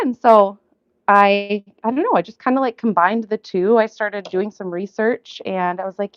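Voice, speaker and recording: A woman from Minnesota hosting a casual livestream, chatty and gushing with easy excitement, breaking off into asides. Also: mid-range voice, normal speed, no echo, highs cut off. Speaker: livestream host. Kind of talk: casual live-stream chat. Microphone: phone.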